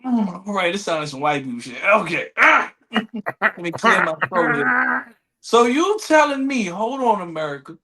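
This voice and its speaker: A man's voice: sits high, sing-song, measured pace, sharp tone. A man co-hosting a podcast in casual banter, slangy, with exaggerated comic outrage. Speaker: podcast co-host.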